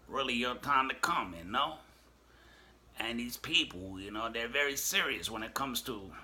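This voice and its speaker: A man doing an impression of a serious male comedian, speaking quietly and deliberately. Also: medium pitch, heavily acted.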